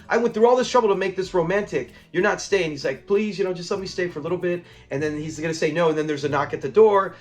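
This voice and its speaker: Man rambling through an episode recap. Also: high-pitched. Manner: rambling retelling, acts out lines and laughs. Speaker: show reviewer.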